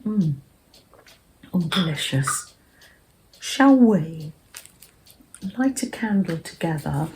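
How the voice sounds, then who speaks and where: An older English woman hosting a cozy craft vlog, talking in a gentle, rambling way that often drops to a soft murmur. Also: mid-range voice, a little hiss or hum. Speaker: craft vlogger.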